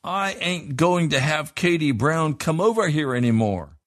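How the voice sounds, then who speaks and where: A man's voice: a little high, lively intonation, unhurried, no room sound, studio quality, voice pushed up. A man voicing an indignant young schoolboy who insists a girl stole from him. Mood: accusing. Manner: insistent, whining.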